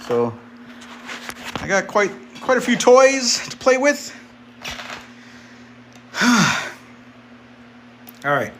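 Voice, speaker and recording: A man's voice: a little high, slight background noise. A man vlogging casually to his viewers between sets in his home weight-training setup. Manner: laid-back, chatty, talks to viewers directly.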